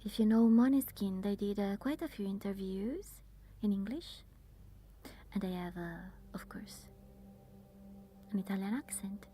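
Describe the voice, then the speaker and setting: A woman whispering as an ASMR streamer, chatting softly and haltingly with her viewers. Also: medium pitch, slight background noise. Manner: halting, with many fillers. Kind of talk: whispered ASMR livestream chat.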